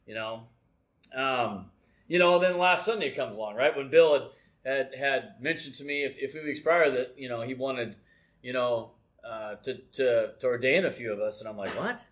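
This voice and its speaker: A man's voice: mid-range voice, normal speed, fairly bright tone. A middle-aged man giving a casual, self-deprecating church message from the front, keeps checking in with "right?". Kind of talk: casual sermon with personal stories.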